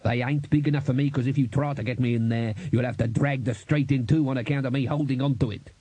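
A man's voice: medium pitch, steady tone, fast, dark tone, breathy edge, no echo, lightly acted. A man voicing a hot-tempered male dwarf musician who snaps and complains indignantly, in an audiobook reading. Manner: snappish, indignant. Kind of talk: audiobook character voice.

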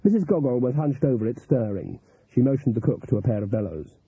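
Man, audiobook narrator, husky voice, lively and animated delivery, tinny phone-like audio. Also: medium pitch, a little fast, no echo. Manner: expressive, lively storytelling.

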